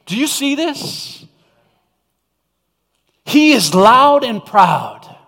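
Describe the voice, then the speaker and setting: A man preaching a sermon to his church, swinging from shouts down to whispers. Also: very high-pitched, very animated, drawn-out words, creaky, big-room sound. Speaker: pastor.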